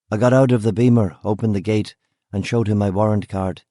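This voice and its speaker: A man narrates a hard-boiled crime audiobook in a low, mellow voice. His delivery is dry and wry, measured and unhurried. The recording is close and dead dry. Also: steady tone, no room sound. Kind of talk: first-person noir narration.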